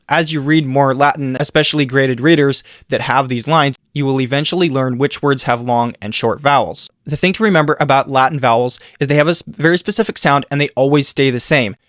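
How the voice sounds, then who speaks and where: Man, language teacher, careful slow demonstrations, mid pitch, dry close sound. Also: a bit bright, no echo. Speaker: Latin teacher. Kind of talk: scripted pronunciation lesson.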